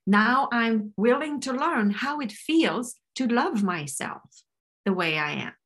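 A woman coach with a fairly high voice teaching a technique on a podcast. She explains with energy and drifts into little acted-out inner voices. She is heard over a video call. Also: lively intonation, slow, a bit bright.

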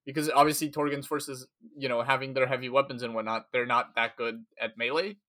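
A man's voice: medium pitch, fairly even intonation, brisk, bright, forceful tone. A man casually recapping a story in a podcast chat, rambling with lots of fillers.

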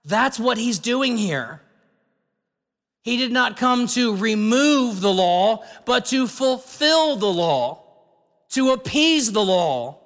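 A man's voice: very high-pitched, expressive, takes it slowly, a bit bright, big-room sound. A pastor preaching a sermon in an earnest, conversational way, asking his listeners rhetorical questions.

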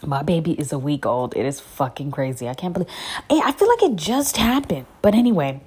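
A woman's voice: sits low, big pitch swings, brisk, darkish tone, husky. A young woman chatting candidly and profanely to her viewers, sore from surgery and holding back laughter. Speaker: vlogger recounting her birth. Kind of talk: casual storytelling to viewers.

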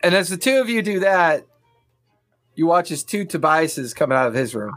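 A man narrating as game master of a tabletop game, with a relaxed, hesitant manner and plenty of fillers. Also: a little high, moderate pace, dry recording, soft background music.

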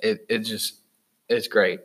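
Teen guy, low voice with a bright edge, earnest and soft-spoken. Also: fairly even intonation, takes it slowly, a little hiss or hum, low-quality recording. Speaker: podcast host. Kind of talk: casual chat.

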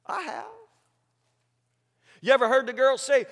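A man delivers a sermon in a high, carrying voice. He mimics people's excuses with mocking voices and moves between loud outbursts and quiet asides. The sound rings with a long hall reverb. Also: expressive, a little slow, creaky, long pauses. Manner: dramatic, acts out excuses in mocking voices, swings from loud to hushed. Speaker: preacher.

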